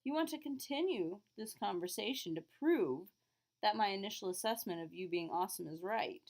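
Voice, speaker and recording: A woman French teacher explaining phrases to her students, clearly and patiently, modeling each word slowly. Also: mid-range voice, lively intonation, darkish tone. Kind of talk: classroom lesson recording.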